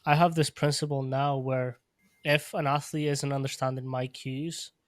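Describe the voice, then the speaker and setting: A man who coaches athletes and hosts a podcast, talking in a measured, reflective way. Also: mid-range voice, level tone, dry recording, studio quality. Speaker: podcast host, strength coach. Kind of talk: casual podcast conversation.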